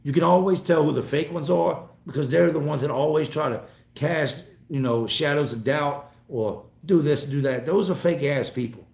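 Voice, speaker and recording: A man's voice: a little high, normal speed, creaky, few pauses, darkish tone. A man in his forties from North Carolina, hosting a casual live stream and reading out viewer comments in a blunt, profane, rambling way. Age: 40s. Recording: roomy echo.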